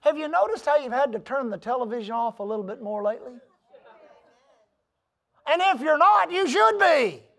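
A pastor preaching a sermon, emphatic, asking the congregation for an "Amen" and building from quiet asides to loud declarations. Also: sits high, lively intonation, moderate pace, vocal fry, pauses often, a faint crowd.

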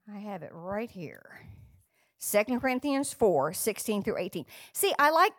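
An older woman preaching a sermon from the pulpit of a church, chatty and playful, with bursts of excitement. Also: a little high, no echo, studio quality. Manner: lively, chatty and playful, sings snatches of a song. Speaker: guest preacher. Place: church sanctuary.

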